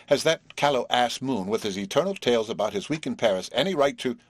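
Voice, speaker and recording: A man reading the part of a formal, earnest young male prodigy who lectures and bristles, in a husky voice. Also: medium pitch, animated, fast, no room sound, natural voice. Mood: indignant.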